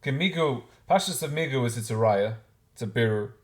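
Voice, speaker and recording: A man's voice: mid-range voice, lively intonation, brisk. Man teaching Talmud, thinking aloud. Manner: thinks aloud with frequent restarts, mixes Hebrew-Aramaic terms into explanations. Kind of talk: informal Talmud class.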